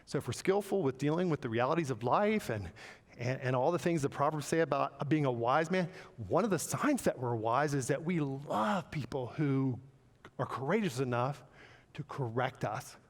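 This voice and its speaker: A man preaching a sermon, animated and playful, acting out quoted voices with joking asides. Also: medium pitch, moderate pace, big-room sound. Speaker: pastor. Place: church sanctuary.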